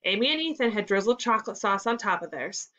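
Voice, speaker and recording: A woman teacher reading a children's story aloud for a lesson in a clear, measured storytelling voice. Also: medium pitch, lively intonation, fairly bright tone. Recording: slightly dull lo-fi sound.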